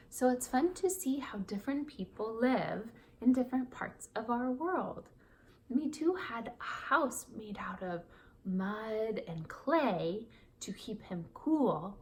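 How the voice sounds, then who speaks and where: Slow, encouraging woman teaching children. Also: mid-range voice, darkish tone. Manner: encouraging, child-directed, asks to repeat after her. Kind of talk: reading aloud and teaching children.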